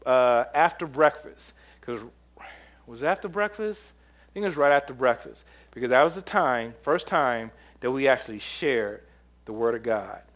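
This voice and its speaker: A man preaching a sermon, telling camp stories in an animated way, often laughing and acting out what people said. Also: medium pitch. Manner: animated storyteller, laughs often, acts out quotes. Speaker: preacher and former camp counselor.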